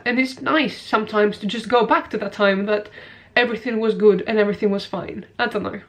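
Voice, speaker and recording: A woman's voice: medium pitch, brisk. A young woman talking in a personal vlog, gushing and getting tearful as she talks about films she loves. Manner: gushing, emotional, tearful at times. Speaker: video essay creator.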